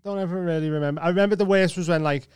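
A man chatting on a podcast in the studio. His voice is smooth and resonant, and it sounds close and dry with no room around it. He swears casually and slips into little acted-out quotes as he tells stories. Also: high voice, steady tone, racing, darkish tone, no room sound. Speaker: podcast co-host. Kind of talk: casual chat. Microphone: studio mic.

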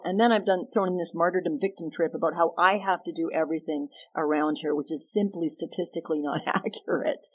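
A middle-aged woman therapist speaking as a podcast guest, animated and emphatic, teaching with self-deprecating asides. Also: on the low side, fairly quick, hardly any pauses, husky. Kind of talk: podcast interview.

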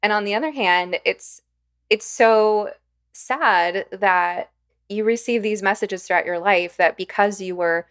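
A woman's voice: mid-range voice, unhurried, a bit bright, clean tone. A woman hosting a podcast interview, responding in a thoughtful, conversational way. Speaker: podcast host.

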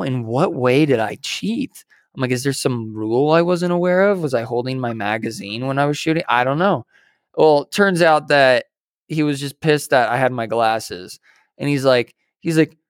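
A young man with a medium-pitched voice tells a story on a podcast in a loose, animated way. He acts out the people in it and swears casually. The recording is dry and close. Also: dry recording. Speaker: podcast co-host.

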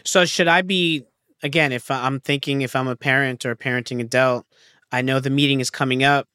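A man hosting an interview podcast, asking questions in a warm, conversational way. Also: medium pitch, steady tone, a little fast, clear, resonant tone, no echo, clean studio sound. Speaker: podcast host.

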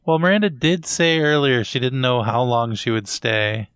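A man's voice: mid-range voice, lively intonation, moderate pace, a bit bright, clean tone, no echo, clean studio sound. A man cohosting a podcast in casual chat, curious and asking follow-up questions.

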